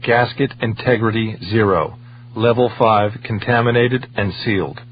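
A flat, mechanical loudspeaker alarm, put on by a man announces in a slow monotone. The audio is dull and lo-fi, with a faint hum. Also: fairly low pitch, close to an everyday voice.

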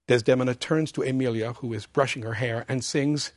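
A man giving a scripted opera talk, expressive and emphatic, setting the scene in measured storytelling. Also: mid-range voice, slightly rough, dry recording. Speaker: opera lecturer.

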